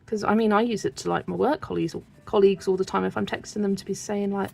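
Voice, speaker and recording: A woman's voice: medium pitch, fairly even intonation, fast, creaky, a little mellow, faint music behind. A young woman from Wiltshire with a light West Country accent, chatting casually and reading comments aloud as she colours. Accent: West Country English, light. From Wiltshire, England. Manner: chatty, laughs often, reads chat aloud. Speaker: colouring channel host. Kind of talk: casual livestream chat while colouring.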